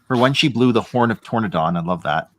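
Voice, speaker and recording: A man with a fairly low voice leads a relaxed book club discussion. He reads passages aloud, stumbling and restarting, and stops to comment between them. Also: quick pace. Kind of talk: casual chat reading aloud from a novel.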